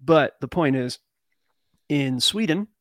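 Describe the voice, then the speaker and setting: A man's voice: fairly high pitch, lively intonation, takes it slowly, no echo, clean studio sound. A man talking loosely as a podcast guest, rambling through commentary with fillers. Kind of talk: casual live chat.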